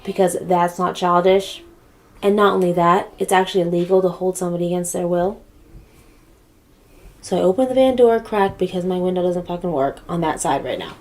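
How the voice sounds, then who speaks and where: A woman's voice: on the low side, a little fast, a little mellow. A woman telling a comedic story to camera in a sassy, blunt, profane way.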